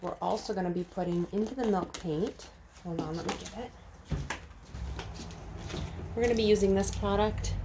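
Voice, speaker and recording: A woman's voice: mid-range voice, gravelly, noisy background. A woman hosting her own DIY channel, talking viewers through a craft project step by step in a casual, friendly way. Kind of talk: casual how-to narration.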